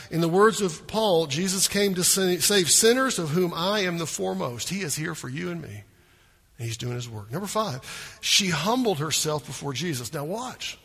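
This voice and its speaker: A man preaching a sermon as pastor, animated, acting out the people in the story. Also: sits high, husky, long reverb tail.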